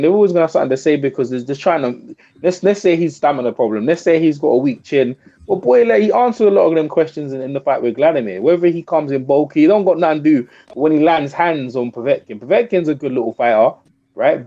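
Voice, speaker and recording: A man talking boxing at a rapid clip in a slightly higher, darker voice. The call audio is muffled and lo-fi. He repeats himself and presses his point. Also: warm tone. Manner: rapid, repeats himself, talks over others. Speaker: guest on a boxing call-in show. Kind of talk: casual boxing talk.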